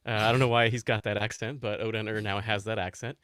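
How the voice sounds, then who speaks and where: An enthusiastic man chats on a podcast panel, laughing often and acting out little quotes. His voice is bright, and the sound is dry and close. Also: lowish voice, flat delivery, fast talker, clean tone, no room sound. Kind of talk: casual roundtable chat.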